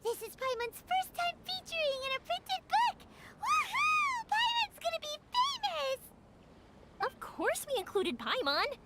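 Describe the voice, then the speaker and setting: An excitable childlike game character. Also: female voice, unhurried, long pauses, heavy background noise, heavily acted. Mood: excited. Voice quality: very high, childlike. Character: bubbly small girl and floating companion, excitable. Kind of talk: game cutscene dialogue.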